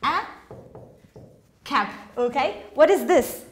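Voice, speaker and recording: A woman teaching an English class, speaking slowly, asking questions and repeating each word for her students. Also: high-pitched, lively intonation. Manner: slow, patient, asks questions and repeats words. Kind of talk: classroom language lesson. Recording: echoey room with faint noise.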